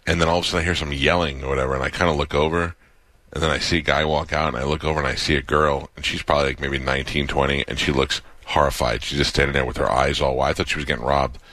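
A man's voice: very deep voice, very fast, dry recording. A man co-hosting a radio show, telling a story in casual banter and acting out the voices of the people in it. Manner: animated storyteller, acts out quoted voices.

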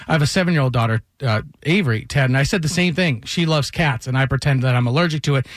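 A man co-hosting a morning radio show, telling animated anecdotes in casual chat. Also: medium pitch, fast, dry recording, clean studio sound. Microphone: studio microphone.

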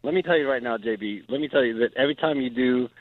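A man's voice: mid-range voice, fast talker, no room sound, phone-quality sound. A middle-aged man calling in to a radio show, joking and teasing in casual banter. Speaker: caller. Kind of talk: casual call-in chat.

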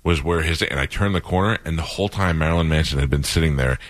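A man's voice: a bass voice, fast, dry recording. A man hosting a radio show, telling rambling stories and acting out the people in them. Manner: rambling anecdotes, acting out quoted voices. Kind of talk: casual radio chat, storytelling.

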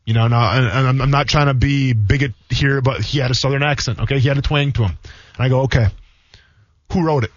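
A man's voice: medium pitch, no room sound. A man in his thirties, a former football player, co-hosting a sports radio show and telling rambling stories with lots of fillers. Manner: fast, rambling storytelling with many fillers. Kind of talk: casual sports radio talk. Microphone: studio microphone. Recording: dull, dry radio studio sound.

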